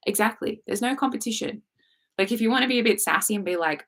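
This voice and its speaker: A woman's voice: mid-range voice, fast, fairly bright tone. A woman coaching on a live stream, talking bluntly and sassily, swearing freely and acting out quoted inner thoughts. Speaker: manifestation coach.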